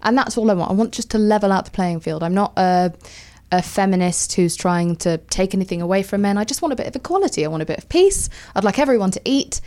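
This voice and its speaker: A woman's voice: mid-range voice, animated, quick pace, hardly any pauses, a little mellow. Woman, podcast guest, casual chat, wry, emphatic.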